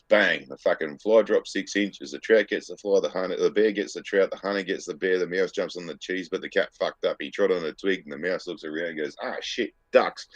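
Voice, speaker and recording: A man with a strikingly deep voice tells a long crude joke on a podcast. His delivery is laid-back and drawn out. The sound is close and dead dry. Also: dry recording, dull audio. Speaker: podcast co-host. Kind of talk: casual crude joke-telling.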